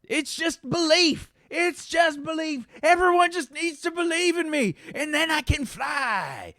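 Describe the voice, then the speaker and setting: Man playing a paranoid ranter, shrill, loud, high-pitched, frantic, conspiratorial. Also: sing-song, unhurried, no echo, studio quality, heavily acted. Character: ranting conspiracy-minded man claiming he can fly.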